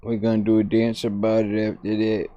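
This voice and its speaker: A man's voice: fairly low pitch, monotone, a little fast, mellow, dry recording, highs cut off. Man, gaming chatter, rambling, goofy, sing-song repeats, dry close sound. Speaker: streamer playing a VR game. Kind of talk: casual gameplay chatter.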